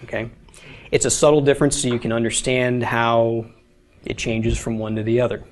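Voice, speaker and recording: A man's voice: medium pitch, flat delivery, moderate pace. Man, patient classroom teacher, step-by-step explaining, medium voice. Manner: patient, explains step by step, often checks with "okay?". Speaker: Hebrew teacher. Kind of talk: informal classroom lecture.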